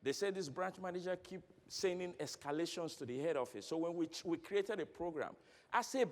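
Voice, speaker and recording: A man's voice: a little high, a little fast. A man giving a motivational keynote speech at a conference, telling stories with acted dialogue and questioning the audience. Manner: animated, storytelling with acted dialogue. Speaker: keynote speaker. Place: large conference hall. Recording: long reverb of a large hall.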